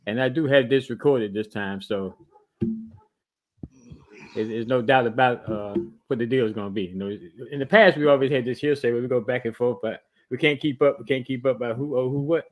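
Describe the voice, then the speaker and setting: A man with an ordinary mid-range voice, talking trash on a casual sports podcast. He stops and restarts often, piling on fillers as he makes his point. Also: mid-range voice. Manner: trash-talking, halting speech with many restarts. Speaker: podcast co-host.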